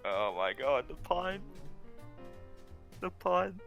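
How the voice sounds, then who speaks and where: A man's voice: on the high side, sing-song, slow pace, vocal fry, lo-fi sound, faint music behind. A man co-hosting a casual gaming podcast, playful and riffing on jokes. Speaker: podcast co-host. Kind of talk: casual chat.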